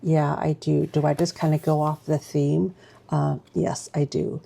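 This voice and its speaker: A woman's voice: low voice, level tone, a little slow, creaky, dark tone. A woman vlogger chatting casually through a stationery unboxing, gushing and exclaiming as she goes.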